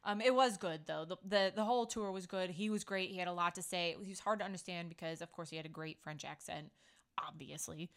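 A woman's voice: lowish voice, brisk, smooth. A middle-aged woman hosting a casual chat, talking playfully and acting out quotes as she tells stories. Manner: chatty, playful, acts out quotes. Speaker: podcast host.

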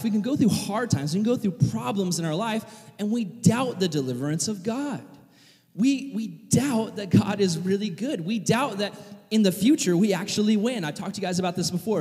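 A young man preaching a sermon, telling a personal story, acting out voices and yelling in bursts. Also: sits high. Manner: animated storyteller, acts out voices, yells in bursts. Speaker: pastor. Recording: long reverb of a large hall.

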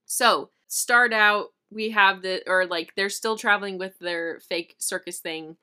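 A woman's voice: mid-range voice, steady tone, a little slow, pushed and bright, clean tone. A woman co-hosting a book podcast, retelling scenes casually and animatedly with lots of fillers. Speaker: podcast co-host.

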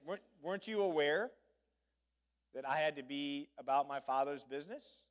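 A man's voice: on the high side, normal speed, natural voice. A man voicing a bold, cheeky adolescent boy who talks back to his parents.

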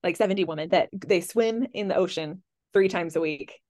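A woman with a slightly low voice co-hosts a relaxed podcast. She rambles easily through her thoughts, filling gaps with "like" and "um." Her tone is friendly and conversational. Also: fairly quick. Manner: rambling, lots of "like" and "um". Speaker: podcast co-host. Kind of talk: casual chat.

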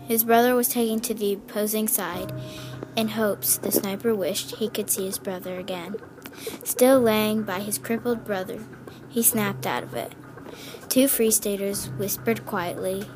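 A woman's voice: medium pitch, fairly even intonation, moderate pace. Woman reading a story over music. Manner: reads dialogue with small voice changes. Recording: music clearly heard behind.

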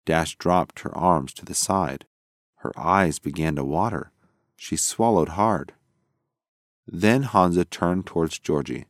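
A man narrates a children's storybook in an expressive way. His voice is very deep and moves through a wide, lively range. The recording is close and dry, with no room sound. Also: unhurried, no room sound. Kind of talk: storybook reading.

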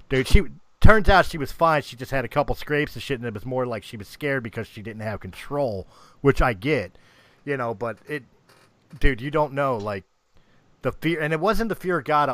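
A man's voice: medium pitch, lively intonation, normal speed, a bit bright, no room sound. A middle-aged man, a divorced father, telling rambling stories in casual chat, swearing and restarting often. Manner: rambling storyteller, swears freely, many restarts.

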